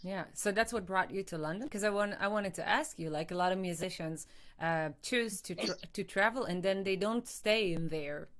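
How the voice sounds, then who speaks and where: Woman host, eager and chatty, average pitch, laughs easily. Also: moderate pace, a bit bright. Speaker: podcast host. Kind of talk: conversational interview.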